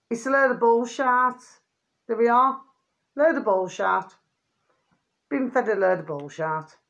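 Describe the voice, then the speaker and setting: A middle-aged woman, talking to camera in a rambling, casual monologue. She keeps repeating a pet phrase and swears freely. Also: medium pitch. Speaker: vlogger.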